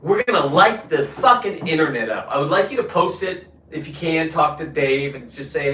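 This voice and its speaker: A man's voice: on the high side, expressive, moderate pace, fairly bright tone. A man hosting his own show, delivering a combative, boastful, profane rant. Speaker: show host. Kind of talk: profane ranting monologue. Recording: roomy, distant from the mic.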